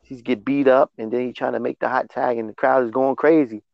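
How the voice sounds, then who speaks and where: A man hosting a casual wrestling recap podcast, excitable and full of restarts. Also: medium pitch, a little fast, vocal fry, dry recording, lo-fi sound. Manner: excitable, repetitive, stumbling restarts. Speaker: podcast host.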